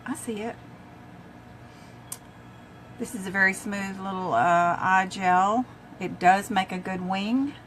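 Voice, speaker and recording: An older makeup vlogger speaks slowly with long pauses, her medium-pitched voice a bit bright, chatting to viewers as she applies makeup. Occasional coughs come from a tickle in her throat, and a little hiss or hum runs underneath.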